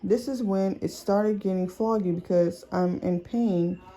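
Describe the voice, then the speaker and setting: A woman being interviewed on a recording, recounting events in a halting, plain-spoken way. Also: mid-range voice, dark tone, rough recording.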